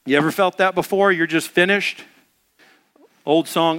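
Bright-voiced male preacher, casual and lively. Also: high-pitched, measured pace. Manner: conversational, acts out quotes. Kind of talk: sermon.

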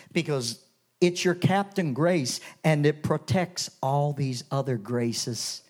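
This man from Canada preaches a revival sermon in church, animated yet slow-paced. He dips into hushed lows and builds to loud, soaring highs.

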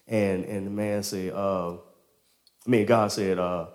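A man preaching a casual storytelling sermon, slangy and animated, laughing often. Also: deep voice, slow.

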